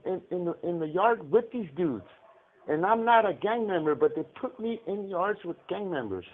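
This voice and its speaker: Man telling a story over a tinny prison phone line. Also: a little high. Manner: halting, repeats words and restarts often; laughs now and then while telling. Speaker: incarcerated caller telling a story. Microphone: phone handset.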